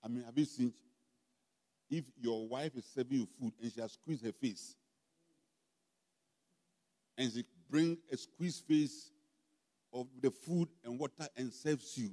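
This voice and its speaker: In a church hall, a Ghanaian-accented pastor of medium pitch preaches with warmth, taking his time and pausing often, yet staying emphatic and full of call-and-response questions. There's long hall reverb and faint music behind him.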